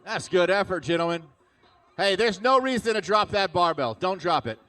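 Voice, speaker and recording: A man's voice: high voice, expressive, normal speed, sharp tone. A man announcing a live arena fitness competition, hyped and cheering the athletes on. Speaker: event announcer. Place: large indoor arena.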